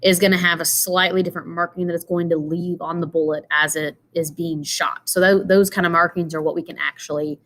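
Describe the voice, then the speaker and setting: In a casual lecture, a weary, yawning teacher goes through slides with lots of fillers and asides, talking a little fast and hardly pausing. Her fairly low, slightly bright voice keeps fairly even intonation, and a little hiss or hum sits in the background.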